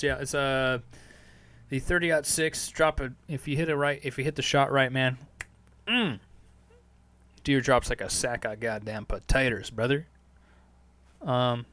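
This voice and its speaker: A man's voice: medium pitch, a bit bright. A man hosting a podcast, answering listener questions in a loose monologue that is profane and full of fillers. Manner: rambling, profane, heavy on fillers. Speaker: podcast host.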